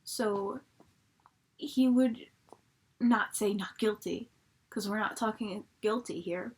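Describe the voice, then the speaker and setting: A woman's voice: mid-range voice, slow, breathy edge. A young woman reviewing a TV episode from home at her laptop, chatty and rambling, swearing freely. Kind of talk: casual spoken review.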